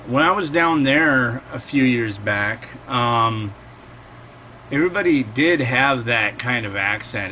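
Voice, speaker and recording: Bright-toned man in his forties, casual rambling host, soft hum behind. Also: mid-range voice, unhurried. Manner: rambling and digressive, acts out quotes. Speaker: instant noodle reviewer and host. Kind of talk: casual chatty cooking vlog.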